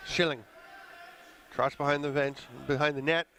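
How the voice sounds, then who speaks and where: A man calling a live lacrosse game play by play, brisk and conversational, with the odd chuckle. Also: fairly high pitch, steady tone, a bit bright, a little hiss or hum. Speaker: play-by-play commentator. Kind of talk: live sports commentary.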